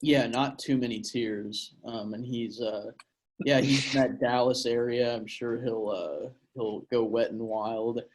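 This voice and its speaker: A man's voice: medium pitch, steady tone, unhurried, background noise. A young man from Portland, Oregon, co-hosting a podcast and telling a crude story in a rambling way, with lots of fillers. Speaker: podcast co-host. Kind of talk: casual storytelling chat.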